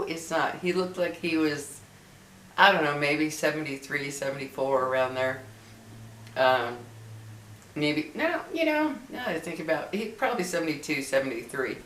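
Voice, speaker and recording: A woman's voice: sits low, a bit bright. Rambling middle-aged woman in an echoey room. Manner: rambling, self-correcting, chatty. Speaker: vlogger. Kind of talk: casual storytelling vlog.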